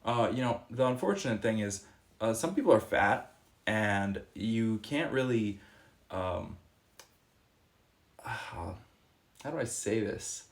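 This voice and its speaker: A man's voice: fairly low pitch, expressive, takes it slowly, long pauses. A young man talking casually and earnestly to camera as a fitness vlogger, rambling a little and acting out quoted exchanges. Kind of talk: casual reflective monologue.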